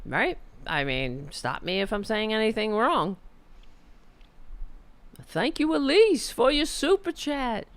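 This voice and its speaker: A woman's voice: on the high side, expressive, slow pace, pauses often, dry recording. A middle-aged woman hosting a live political stream, ranting in a heated, profane, rambling way with frequent restarts. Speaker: political commentary host.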